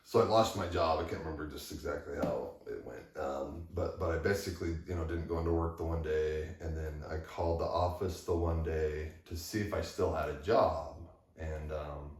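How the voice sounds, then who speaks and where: Deep-voiced man, candid and halting. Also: steady tone, darkish tone. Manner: candid, halting, with frequent restarts. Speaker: vlogger. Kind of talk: personal storytelling. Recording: echoey room, far from mic.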